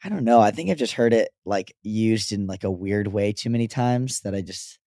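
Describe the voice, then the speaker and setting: A man's voice: on the low side, normal speed, mellow, no echo, clean studio sound. A young man co-hosting a podcast, joking casually and laughing often. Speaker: podcast co-host. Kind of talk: casual chat.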